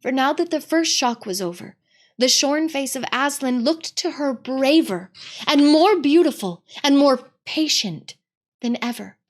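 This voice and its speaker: A woman narrating a storybook read-aloud in an expressive, dramatic way. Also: sits high, unhurried.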